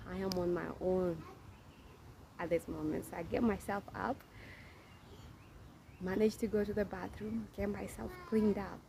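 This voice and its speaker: A young mother chats to her viewers as she tells her birth story, casual and direct. Her pitch sits in the middle range. There is clear noise in the room around her. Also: dark tone. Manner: chatty, addresses viewers directly.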